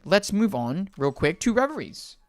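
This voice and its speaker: A high-pitched, sing-song male voice at normal speed belongs to a young man from the Philippines whose Australian accent has a Filipino lilt. He chats casually on a livestream, rambling through chat questions, with no room sound and faint music in the background.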